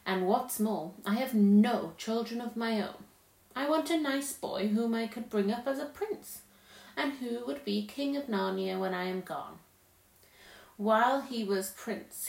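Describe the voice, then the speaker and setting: A woman's voice: medium pitch, vocal fry, darkish tone. A woman reading aloud and voicing a cold, scheming queen who coaxes a boy with sweet, lilting promises and a commanding edge. The recording has a roomy echo.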